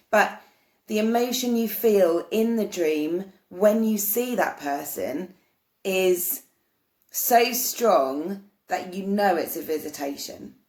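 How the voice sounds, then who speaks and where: A woman's voice: mid-range voice, a little mellow. A woman earnestly explaining spiritual ideas to camera in a casual, meandering way, often restarting her sentences. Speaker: spiritual vlogger. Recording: roomy echo.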